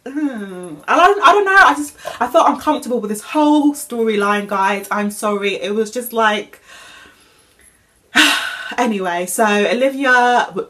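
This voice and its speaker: A woman's voice: mid-range voice, fairly bright tone. A young woman giving a rambling, casual recap of a TV episode, with lots of fillers and restarts. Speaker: TV recap vlogger.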